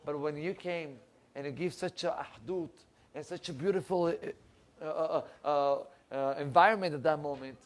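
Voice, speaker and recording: A rabbi telling a story, animated and acting out the people in it. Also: male voice, normal speed. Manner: animated storyteller, acts out quoted voices, rising pitch in emotional lines. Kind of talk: storytelling sermon. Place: synagogue.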